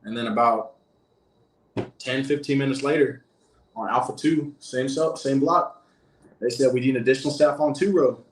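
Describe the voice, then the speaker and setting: A man's voice: medium pitch, moderate pace, long pauses, slight background noise. A man in a middle register recounting events as an interview guest, his telling loose and rambling, full of restarts and fillers. He sounds like he is sitting in a roomy, echoing space. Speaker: former prison guard, interview guest. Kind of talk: casual first-person storytelling.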